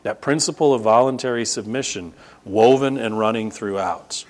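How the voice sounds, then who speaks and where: A middle-aged male pastor preaching a sermon. He teaches the congregation emphatically and repeats words for stress. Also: moderate pace. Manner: emphatic, rises to sharp high bursts and repeats "no, no, no"; teaching, explains Greek grammar to the congregation.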